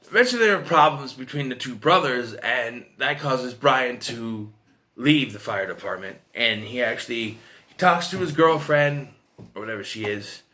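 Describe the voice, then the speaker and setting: A man's voice: medium pitch, pushed and bright. A man giving a casual, rambling film review, chatty and full of restarts and asides. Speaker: movie reviewer.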